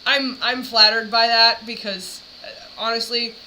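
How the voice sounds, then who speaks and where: A woman's voice: a little high, fairly even intonation, unhurried, bright, forceful tone, a little hiss or hum, poor audio. Rambling woman chatting casually. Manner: rambling, many fillers like "like". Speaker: streamer reacting to videos. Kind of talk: casual chat.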